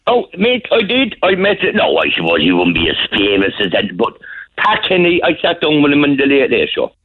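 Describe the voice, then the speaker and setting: Husky Cork caller on a phone line. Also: male voice, fairly high pitch, brisk. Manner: rambling storyteller, lively. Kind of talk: casual phone-in chat.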